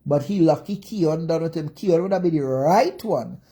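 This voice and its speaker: Jamaican woman, livestream rant, profane, insulting, mellow voice. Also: low-pitched, normal speed, breathy edge. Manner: profane, insulting, repetitive cursing. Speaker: social media commentator.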